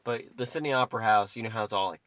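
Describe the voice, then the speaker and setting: A man's voice: fairly low pitch, racing, a bit bright, clean tone. A young man co-hosting a podcast in casual chat, telling stories in a rambling way full of "like". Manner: rambling, filler-heavy storytelling with many "like"s. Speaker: podcast co-host.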